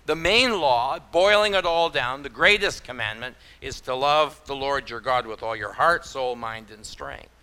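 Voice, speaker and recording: Bright-voiced pastor preaching. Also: male voice, mid-range voice, measured pace, few pauses, clean tone. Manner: folksy, with homespun exclamations and acted-out anecdotes. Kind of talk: sermon.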